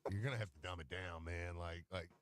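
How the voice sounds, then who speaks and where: A man's voice: low-pitched, fairly even intonation, fast. A man co-hosting a sports radio show and working as a basketball coach, talking in casual banter, laughing and retelling conversations with lots of fillers.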